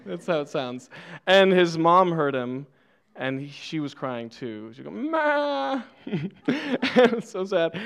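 A young man giving a church sermon in a smooth, clear voice that sits a bit high for a man. He tells stories on himself and laughs easily, drifting from playful asides to plain teaching. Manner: playful, laughs often, self-deprecating. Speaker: preacher.

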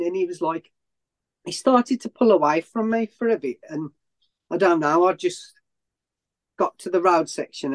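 A man's voice: a little high, a little mellow. Rambling man telling a race story. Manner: rambling, with many restarts and self-corrections. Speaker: ultrarunner guest. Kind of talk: storytelling in a conversational interview.

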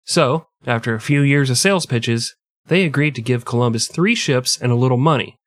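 A man's voice: mid-range voice, brisk, no echo. Crude joking man telling history. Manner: crude, joking, mock voices for historical figures. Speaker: podcast co-host. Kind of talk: comedic history storytelling.

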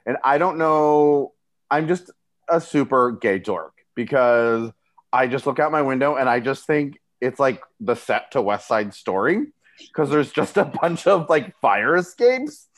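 A man co-hosting a casual podcast, excitable and jokey, often cutting in. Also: medium pitch, unhurried. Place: new apartment.

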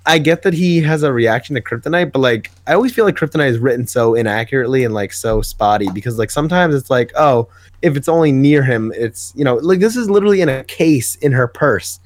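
A man co-hosting a comics podcast in casual chat, retelling scenes and slipping into quick character voices as he goes. His voice sits at an ordinary middle pitch and sounds dry and close, with little room sound. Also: expressive, no room sound. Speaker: podcast co-host.

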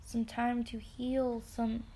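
A young woman talking softly and from the heart in a personal vlog, with light laughs and quiet whispered asides. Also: fairly high pitch, level tone, slow, a little hiss or hum. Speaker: vlogger. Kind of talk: personal talk to camera.

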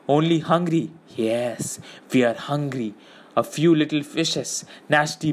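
A man's voice: medium pitch, darkish tone, close to an everyday voice. A man reading an audiobook and voicing a wretched, hungry male creature who whines and pleads, repeating his words.

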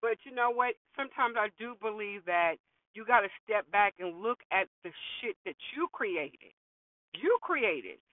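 A woman's voice: medium pitch, expressive, a little slow. A woman delivers blunt, opinionated commentary full of cussing and emphatic scolding. Her voice comes through a thin, phone-like line with a dry sound and no room echo. She talks straight to the people she is criticizing.

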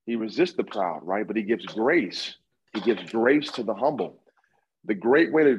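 A man co-hosting a faith discussion, teaching about scripture in a calm, measured way that repeats key points. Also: on the low side, slightly rough, muffled recording. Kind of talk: conversational Bible teaching.

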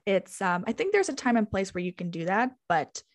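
A woman's voice: medium pitch, very animated, fairly quick. A woman co-hosting a casual spiritual podcast chat, talking emphatically and swearing often. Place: lives in the United States.

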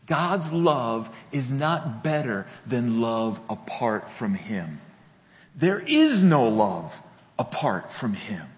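A male pastor delivering a sermon at an unhurried, measured pace, pressing his points home through repetition. His voice sits at an ordinary middle pitch. The recording is dull and lo-fi, with a long reverb trailing through a large hall. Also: very animated. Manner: slow, deliberate preaching with emphatic repetition.

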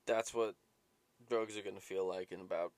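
A man's voice: low voice, fairly even intonation, moderate pace. A man hosting a solo podcast, rambling and swearing and drifting from topic to topic. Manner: profane, rambling, easily sidetracked. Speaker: podcast host.

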